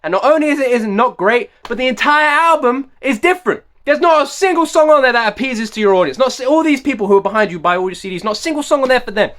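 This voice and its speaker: An excitable man hosts a music reaction video, rambling through a casual rant. His voice is bright and sits unusually high, and he talks quickly. He keeps hammering his points home by saying them again. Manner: animated, excitable, repeats himself for emphasis.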